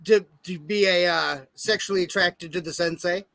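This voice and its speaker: A man co-hosting a casual comedy stream, dropping short deadpan quips. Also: high-pitched, moderate pace, gravelly, dry recording.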